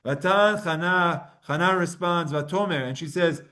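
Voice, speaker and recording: A man's voice: sits high, moderate pace, pushed and bright. A man teaching a Talmud class, reading Hebrew verses aloud and then translating and explaining them in casual English. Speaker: Torah teacher.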